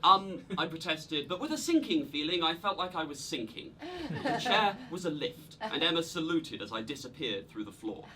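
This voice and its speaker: Man, lively stand-up with crowd. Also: fairly high pitch, normal speed, few pauses. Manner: self-deprecating, hesitant with ums. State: slight cold. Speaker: stand-up comedian. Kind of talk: stand-up storytelling. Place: small live comedy room. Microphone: no microphone, projecting to the room. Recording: live room with laughing audience.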